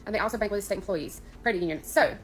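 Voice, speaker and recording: A woman casually recounting how she was scammed, frustrated and animated. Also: mid-range voice, very fast, faint music behind, rough recording. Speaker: person telling her scam story. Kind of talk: casual storytime.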